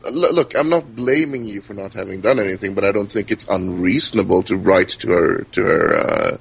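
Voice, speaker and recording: A man playing a tabletop game, speaking in a measured, cautious way. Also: low-pitched, big pitch swings, vocal fry, breathy edge. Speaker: player. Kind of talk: tabletop in-character talk.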